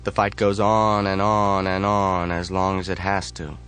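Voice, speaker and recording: A man reading an audiobook voices a stern male chapter leader, reciting rules flatly. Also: low voice, measured pace, clear, resonant tone.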